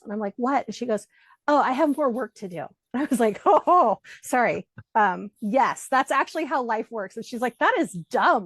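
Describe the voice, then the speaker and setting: A middle-aged woman coach speaking as a guest in a relaxed interview, her voice sitting a little high. She tells lively stories, acts out the voices of the people she quotes and swears casually. The sound is dry and close, with no room echo.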